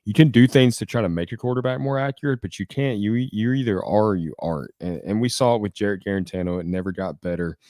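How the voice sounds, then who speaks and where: A man's voice: lowish voice, fast, hardly any pauses, warm tone, no echo, clean studio sound. A man co-hosting a sports podcast, making his case confidently in casual talk. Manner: confident, argues point by point. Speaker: podcast co-host.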